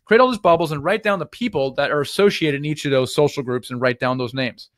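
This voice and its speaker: Brief: energetic male investing coach, slightly high voice, dry close sound, gives direct do-and-don't advice live. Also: no room sound. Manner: acts out sample conversations in shifted voices. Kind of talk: live-stream teaching.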